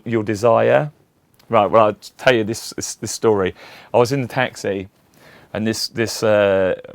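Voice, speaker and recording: A middle-aged man with a low, gravelly voice tells a rambling story in a casual interview. He acts out the other people's lines as he goes. The sound is dry and close, with no room around it. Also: no room sound. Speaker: interview guest, tribute act for a singer.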